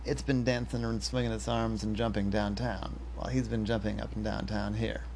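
A man voicing a calm young detective in a story, matter-of-fact, in close to his own voice. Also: lowish voice, brisk, slight background noise, close to an everyday voice.

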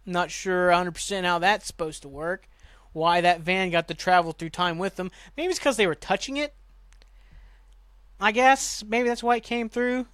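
A man's voice: high-pitched, sharp tone, smooth, dry recording. A man hosting a podcast, casually recapping a TV episode in a rambling, profane, exasperated way. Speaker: podcast host.

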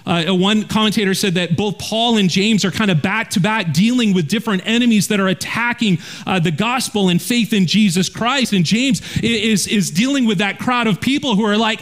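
High-voiced pastor preaching earnestly. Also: male voice, normal speed, hardly any pauses. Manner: earnest preaching, drops low and quiet for emphasis, repeats words when restarting. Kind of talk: sermon.

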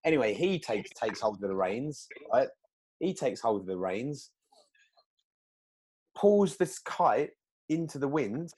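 Man, husky voice, casual chat, animated storyteller, acts out quotes. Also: medium pitch, slow pace, pauses often.

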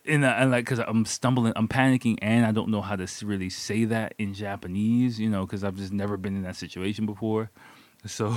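A man's voice: on the low side, steady tone, moderate pace, dry recording. A man casually telling a personal story, loose and profane, often laughing as he talks. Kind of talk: casual spoken anecdote.

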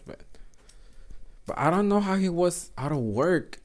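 A man's voice: a little high, sing-song, moderate pace, long pauses. A young man, hosting a podcast and telling a story in a frank, profane way, slipping Spanish phrases into English. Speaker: podcast host. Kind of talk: casual storytelling monologue.

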